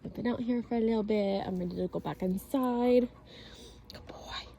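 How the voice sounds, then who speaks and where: A woman dog trainer talking casually through a training session, switching between chatty explanations and sharp, high commands to her dog. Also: brisk, slight background noise. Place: outdoor yard.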